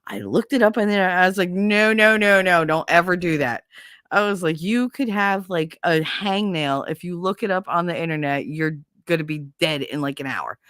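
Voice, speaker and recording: Rich: A middle-aged woman with a New York accent, on the low side for her voice, telling a story in a close, dry recording. She is animated and blunt, swears casually, laughs a lot and acts out the people in the story. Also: moderate pace, hardly any pauses, no room sound. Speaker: podcast host.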